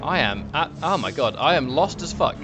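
Swearing gamer over loud music. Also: male voice, on the high side, expressive, moderate pace. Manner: frustrated, swearing, talks to viewers. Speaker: let's play gamer. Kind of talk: casual gameplay commentary. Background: game music.

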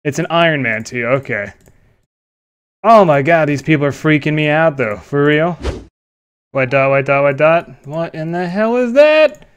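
Excitable young man commentating his gameplay. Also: fairly high pitch, moderate pace, clean tone, dull audio. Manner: excitable, swears and laughs often. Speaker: gaming YouTuber.

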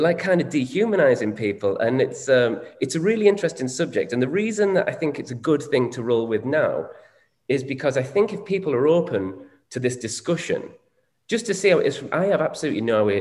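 A man's voice: mid-range voice, very animated, quick pace, a little mellow. A man, co-hosting a candid conversation, reflective and swearing casually. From Northern England. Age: 40s. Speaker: co-host. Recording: echoey room with long reverb.

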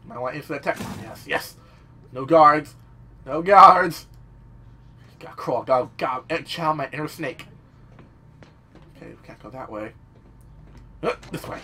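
A young man giving casual, rambling let's-play commentary, excitable and swearing often. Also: medium pitch, moderate pace, pauses often, husky. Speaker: gameplay commentator.

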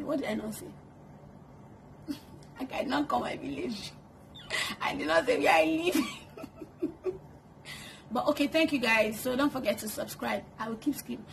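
A talkative woman vlogging from home, her fairly high voice carrying a gravelly rasp. She laughs often between answers. Kids can be heard faintly in the house behind her. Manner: chatty, laughs often, answers questions to camera. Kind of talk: casual get-to-know-me chat. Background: kids making noise.

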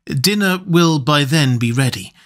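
A man voicing a solemn gentleman doctor. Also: fairly high pitch, expressive. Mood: earnest. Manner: measured, solemn, formal. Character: sober, sorrowful gentleman doctor. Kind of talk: audiobook character reading.

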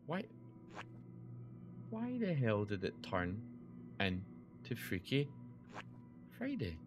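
A man's voice: on the low side, wildly swooping pitch, slow, music in the background. Young man doing jumpy game commentary. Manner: jokey, swears, yelps when startled. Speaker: gaming video host. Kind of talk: let's play commentary.

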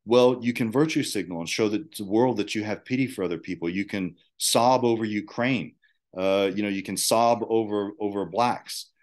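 Male guest with a lowish voice, halting, many fillers, casual discussion. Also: darkish tone.

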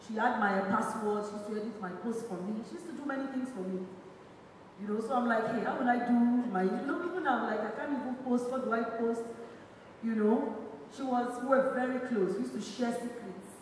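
A woman's voice: a little high, slight background noise. Nigerian woman speaking in an echoey hall. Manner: halting, rambling, with many fillers and restarts. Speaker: bereaved sister giving a tribute. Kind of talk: spoken tribute at a memorial event. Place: large echoey event hall. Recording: echoey hall recorded from far off.

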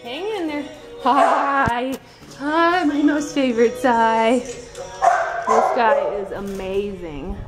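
Woman shelter volunteer, high and unhurried, cooing pet-talk, music running under her. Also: low-quality recording. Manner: cooing baby-talk to animals. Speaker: shelter volunteer filming adoptable dogs. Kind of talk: casual vlog, talking to dogs. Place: indoor animal shelter kennels.

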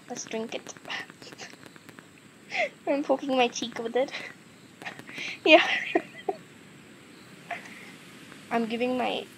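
A woman's voice: fairly high pitch, slight background noise, low-quality recording. A woman chatting casually in a vlog, giggling often and easily amused. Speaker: gaming and eating vlogger.

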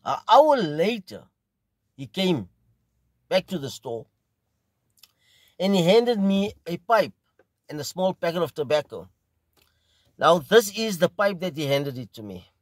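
A middle-aged South African man tells a story in an easy, meandering way, often circling back over his own phrases. His voice sits a little high for a man. The recording is close and dry. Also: dry recording. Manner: rambling, unhurried, repeats phrases. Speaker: pipe smoking video host. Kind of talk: casual storytelling.

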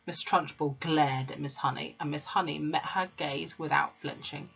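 Husky woman reading a children's book aloud. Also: low-pitched, steady tone, normal speed, hardly any pauses, a bit bright. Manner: casual, with fillers and corrected slips. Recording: dull lo-fi recording.

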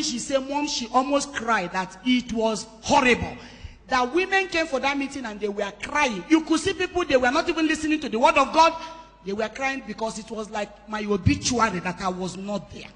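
Woman preaching in a big hall. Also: sits high. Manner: emphatic storytelling with shifting loudness. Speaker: pastor hosting a women's conference. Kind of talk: sermon testimony. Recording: long hall reverb.

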